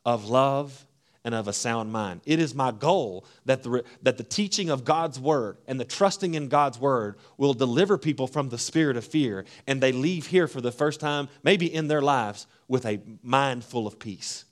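A man preaching a sermon, swinging from hushed, low phrases to loud, emphatic ones. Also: normal speed. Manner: preaching with wide swings between hushed and loud, acting out voices. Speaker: pastor.

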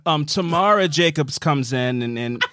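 A man's voice: fairly high pitch, lively intonation, normal speed, a bit bright, no echo, clean studio sound. A man co-hosting a casual podcast chat, talking animatedly and dropping into mocking quoted voices. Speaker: podcast co-host.

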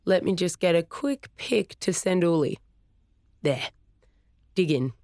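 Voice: mid-range voice, lively intonation, unhurried, darkish tone, dry recording, studio quality, voice pushed up. A narrator voicing a cheerful middle-aged dad who jokes easily in a storybook reading.

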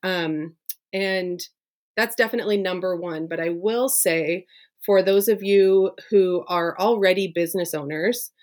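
A business coach appearing as a podcast guest talks in an unhurried, fairly low, darkish voice. The interview is casual and conversational, and she comes across as chatty and enthusiastic, sprinkling in lots of "like" fillers.

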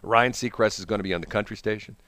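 This radio host, a man with a lowish voice, talks fast in a casual on-air chat, spinning stories and imitating other voices with animated flair. The studio-quality recording has no room sound.

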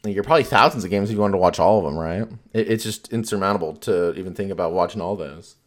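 A podcast host with a low-pitched voice talks fast in casual chat. He rambles, swears freely, and fills his speech with lots of fillers.

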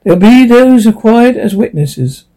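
A man's voice: very high-pitched, sing-song, a little slow, mellow, voice pushed up, exaggerated voice. A man doing a pompous, scheming solicitor. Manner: pompous, proclaiming.

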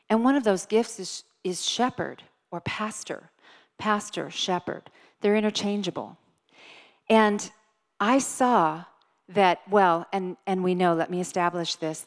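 A woman preaching a sermon in a church, reading scripture slowly and earnestly with emphasis. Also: mid-range voice, in a large hall. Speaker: church speaker. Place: church sanctuary.

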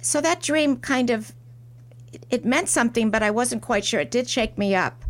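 A woman's voice: a little high, moderate pace. Middle-aged woman telling reflective stories. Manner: reflective storytelling with soft restarts. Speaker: guest, porcelain artist. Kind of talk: interview conversation.

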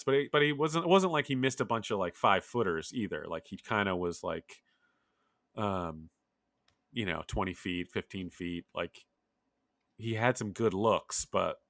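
Rambling man with a low bright voice. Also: dry recording, studio quality. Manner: rambling, lots of filler words. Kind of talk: casual chat about golf.

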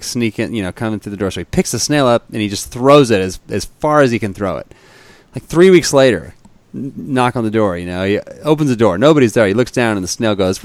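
Podcast host guy, lower voice, rambly with lots of likes, dry close sound. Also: no echo. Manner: loose, rambling, many "like" fillers. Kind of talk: casual chat, sponsor read.

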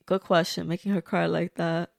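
A woman's voice: lowish voice, flat delivery, moderate pace, gravelly, dry recording, studio quality. A woman reacting to a movie as she watches it, gushing and blunt, talking back at the screen. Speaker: movie reviewer. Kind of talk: casual movie reaction commentary.

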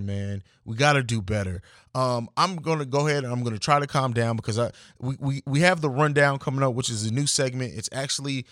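A man's voice: mid-range voice, a bit bright, no room sound. A man hosting his podcast, talking heated and emphatic, with plenty of swearing. His voice sits in the middle range and comes through a close mic in a dry, deadened room. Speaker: podcast host. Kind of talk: impassioned commentary.

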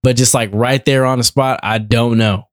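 A man's voice: mid-range voice, moderate pace. Young man telling stories with laughs. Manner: animated storyteller who laughs often. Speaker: guest actor. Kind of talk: casual interview chat.

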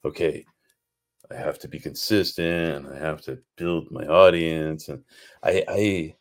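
A man in his forties with a strikingly deep, low voice hosts a relaxed podcast chat. He rambles through animated stories from his own past. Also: unhurried. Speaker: podcast host. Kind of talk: casual conversation.

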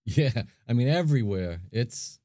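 A podcast co-host, male, takes an unhurried approach, his mellow mid-range voice rising and falling with lively intonation. The chat is casual, full of fillers as he thinks aloud. Clean studio sound, no echo.

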